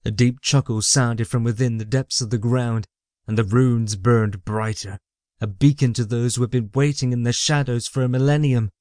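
A man reading a fantasy novel aloud as the audiobook narrator, in a measured storytelling way. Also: medium pitch, fairly even intonation, a little mellow, no echo. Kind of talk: scripted narration. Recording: dry close mic.

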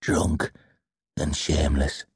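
A man doing a gruff, sorrowful old grandfather. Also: extremely low pitch, flat delivery, slow, no room sound, studio quality, exaggerated voice.

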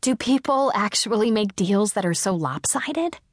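A woman's voice: medium pitch, expressive, moderate pace, dry recording, studio quality, lightly acted. Woman doing a chatty sardonic teen girl. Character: sardonic self-mocking teenage girl.

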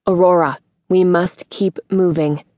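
A woman voicing a calm, formal woman spy. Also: lowish voice, a little slow, no room sound, natural voice.

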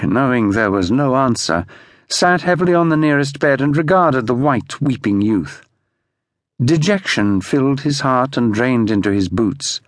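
In a clean studio recording with no added ambience, a man with a mid-range voice narrates an audiobook. His storytelling is measured and expressive.

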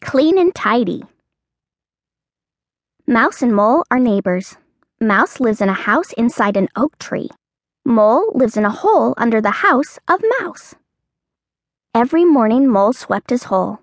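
Woman with a lively storybook voice. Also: on the high side, a little slow, no echo, clean studio sound. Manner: clear, expressive storytelling. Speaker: audiobook narrator. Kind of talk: scripted children's audiobook narration.

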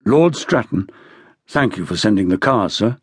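A man's voice: on the low side, lively intonation, moderate pace, husky, no echo, clean studio sound, pitched below the performer's own voice. A man doing a curt, clipped detective inspector.

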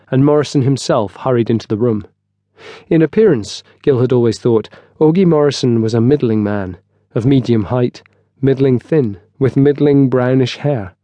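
A man narrating a historical novel in a steady, scripted storytelling style, close on a studio mic. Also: mid-range voice, dry recording. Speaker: audiobook narrator.

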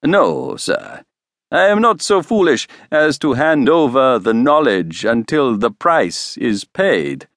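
A man's voice: medium pitch, sing-song, takes it slowly, a bit bright, no echo, studio quality, voice pushed up, heavily acted. A male narrator voicing a scheming foreign inventor with a velvety voice, an obsequious manner and a faint foreign accent. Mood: smug, oily. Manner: obsequious, smug.

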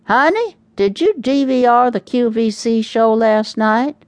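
A woman doing an excitable, wisecracking grown son. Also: medium pitch, measured pace, no echo, close to an everyday voice. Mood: frazzled.

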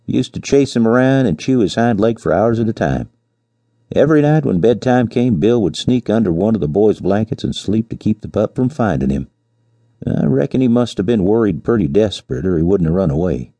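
A man voicing a smooth-talking young cowboy who spins a tale in a folksy, mock-mournful way. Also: fairly low pitch, expressive, brisk, dark tone, dry recording, pitched above the performer's own voice. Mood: mournful, glib.

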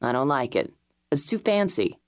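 A man's voice: mid-range voice, moderate pace, darkish tone, natural voice. A woman narrator voicing a brusque, blunt male private detective who speaks curtly. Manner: curt, abrupt, blunt.

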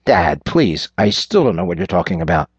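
A man voicing a frantic adult daughter who pleads with her angry father, his voice pushed higher. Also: very animated, normal speed, slightly rough, dry recording, heavily acted. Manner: pleading, rising to a higher pitch. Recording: dull lo-fi recording.

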